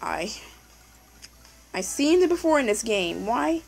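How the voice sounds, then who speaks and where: A young woman commentating her puzzle game casually, excitable, yelling at the game and repeating "no" over and over. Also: on the high side, takes it slowly, creaky, soft background music, low-quality recording. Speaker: gameplay commentator.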